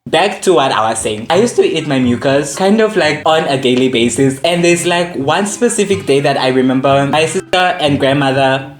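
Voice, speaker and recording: Playful young man in an echoey room. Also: on the high side. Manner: playful, dramatic, drawn-out emphasis. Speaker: vlogger. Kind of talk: casual comedic chat to camera. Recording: echoey room with faint music.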